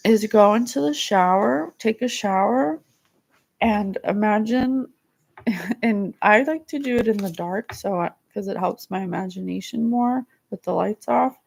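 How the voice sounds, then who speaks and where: A woman hosting a psychic show, giving spiritual guidance in a soft, earnest, emotional way. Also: medium pitch, unhurried, gravelly. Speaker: psychic podcast host. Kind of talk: spiritual guidance talk, reading viewer comments.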